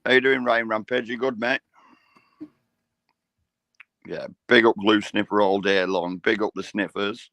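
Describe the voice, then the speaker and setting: A hoarse man hosting a casual livestream chat, blunt and sweary with laddish banter. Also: on the low side, flat delivery, unhurried, pauses often, a bit bright, dry recording. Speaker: livestream host.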